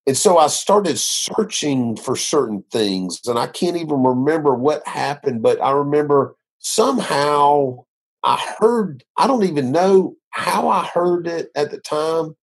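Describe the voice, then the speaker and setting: Husky male minister, earnest rambling storyteller, conversational interview. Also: fairly high pitch, lively intonation, a little slow. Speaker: minister sharing his testimony.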